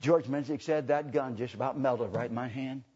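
A man preaching a storytelling sermon in a church, swinging from hushed, low confiding to shouting. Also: normal speed, husky, highs cut off. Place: church building.

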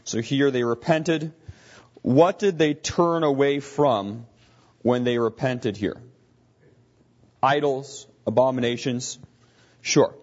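A man's voice: medium pitch, slow pace, pauses often, muffled recording. A man teaching a Bible lesson, explaining as he thinks aloud and often restarting his sentences.

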